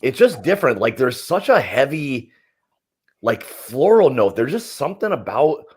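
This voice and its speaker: A man's voice: medium pitch, sing-song, normal speed, breathy edge. A man hosting a livestream whiskey tasting, chatting casually and trailing off at the ends of his thoughts.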